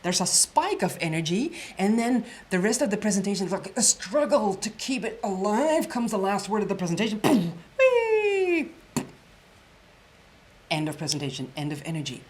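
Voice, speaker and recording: A woman presentation coach giving an energetic storytelling workshop lecture, repeating phrases and dropping to an emphatic whisper on key points. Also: medium pitch, brisk, few pauses, a little hiss or hum.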